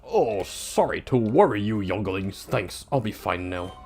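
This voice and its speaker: A man voicing a hurt older town chief from a video game, speaking in a measured, earnest way. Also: fairly low pitch, animated, darkish tone, soft background music, pitched below the performer's own voice.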